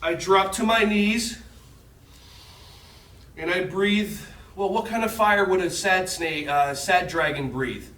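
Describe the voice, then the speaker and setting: A man leading a children's yoga lesson in a gentle, encouraging, playful way. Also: high voice, takes it slowly. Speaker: kids yoga instructor. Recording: echoey room, mic at a distance.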